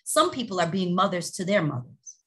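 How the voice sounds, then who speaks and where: A woman speaking candidly on a panel about her own experience. She talks steadily and uses frequent fillers. Her voice sits lower than most women's. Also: big pitch swings, a little fast, pushed and bright. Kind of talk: personal reflection.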